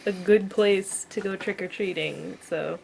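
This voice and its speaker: A young woman hosts a relaxed chat and reads out each question. Her voice has a gravelly fry and sits at a middle pitch, and her manner is chatty and teasing. A faint hiss runs underneath. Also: measured pace. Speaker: vlogger host. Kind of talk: casual chat.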